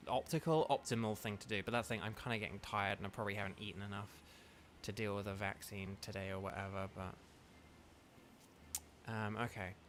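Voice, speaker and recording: A man's voice: fairly low pitch, steady tone, fairly quick, a bit bright, slight background noise. A man, congested, hosting a let's play with rambling, filler-heavy commentary. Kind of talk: casual game commentary.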